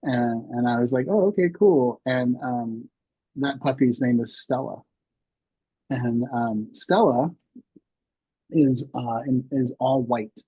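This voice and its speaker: Guest, man in his sixties: husky, candid storyteller, dry dull lo-fi sound. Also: medium pitch, fairly even intonation, slow, long pauses, dry recording. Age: 60s. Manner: rambling, many restarts and fillers. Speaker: podcast guest.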